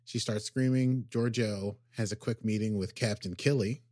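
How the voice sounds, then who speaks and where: A man co-hosting a podcast, casually recapping an episode with lots of fillers and quick acted quotes. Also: fairly low pitch, steady tone, darkish tone, no room sound, clean studio sound. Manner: rambling, filler-heavy summarizing with acted quotes. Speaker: podcast co-host.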